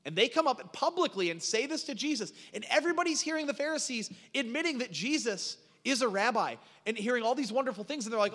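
A middle-aged man preaching a sermon as a pastor, telling stories in an animated way with frequent restarts. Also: very high-pitched, fast, few pauses. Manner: animated storytelling with repeated restarts. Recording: long reverb of a large hall.

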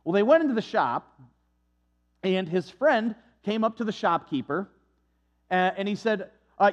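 A man's voice: sits high, lively intonation, unhurried, long pauses. A man preaching, reading scripture and then telling a story in a conversational, rambling way. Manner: conversational storytelling with frequent restarts. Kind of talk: sermon with Bible reading and personal story. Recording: dull lo-fi recording.

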